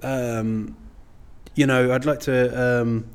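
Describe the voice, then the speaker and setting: Middle-aged male comedian, casual guest chat, meandering, full of "you know", mid-pitched voice. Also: steady tone, slow, clear, resonant tone. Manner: rambling, self-deprecating, many "you know"s.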